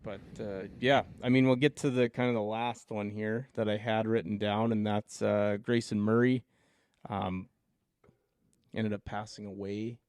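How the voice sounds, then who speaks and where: A man's voice: on the low side, level tone, unhurried, a little mellow, clean tone, no room sound. A man co-hosting a golf podcast, chatting in a laid-back, rambling way. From Saskatchewan, Canada. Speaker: podcast co-host. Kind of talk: casual chat.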